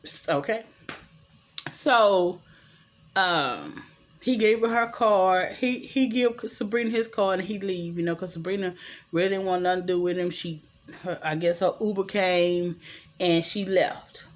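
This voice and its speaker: A woman's voice: lowish voice, measured pace. A woman, chattily recapping a TV drama episode and acting out the characters' lines. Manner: chatty, animated retelling with quoted dialogue and opinions. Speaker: show recap host.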